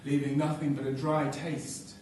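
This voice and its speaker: A man telling a story live on stage in a rhythmic, repetitive way, often sinking to hushed tones, recorded in a theatre from a distance. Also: fairly high pitch, flat delivery, normal speed, very noisy. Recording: echoey theatre from far off, faint ambience.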